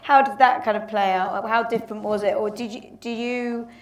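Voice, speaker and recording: A woman's voice: on the high side, steady tone, moderate pace, distant mic. A woman interviewing an actress in a casual chat, encouraging and often chiming in with "yeah" and filler words. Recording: roomy sound from off mic.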